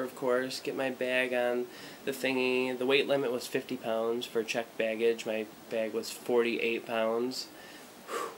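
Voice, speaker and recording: A man's voice: mid-range voice, rough recording. Young American man, casual rambling travel vlog, blunt, irreverent, handheld camera, faint noise. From United States. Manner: rambling, irreverent, many fillers. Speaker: vlogger. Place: small hotel room.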